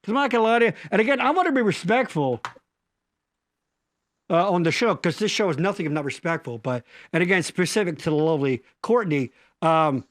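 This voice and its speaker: A man's voice: high-pitched, expressive, fairly quick, no echo. A man co-hosting a live stream from his basement studio, rambling through crude jokes and mock-pleading bits. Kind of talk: crude comedic banter.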